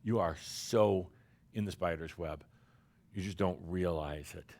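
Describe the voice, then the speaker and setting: A man acting as a spiritual teacher, channeling an entity and addressing his audience as "dear human" in a playful, theatrical way that swings between loud emphatic bursts and quiet, drawn-out phrases. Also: deep voice.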